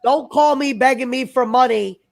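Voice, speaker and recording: A man's voice: very high-pitched, normal speed, gravelly. A man chatting on a livestream in a rambling, argumentative, profane way. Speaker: stream guest. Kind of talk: casual livestream chat.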